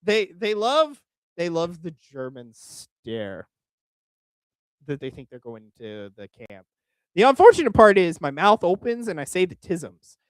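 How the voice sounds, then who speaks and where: Young guy from oklahoma ranting at a video, all over the place pitch-wise, crude and fed up. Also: a little slow, clear, resonant tone, no echo. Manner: animated, crude and exasperated, with frequent restarts. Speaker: streamer reacting to a video. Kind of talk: casual reaction commentary.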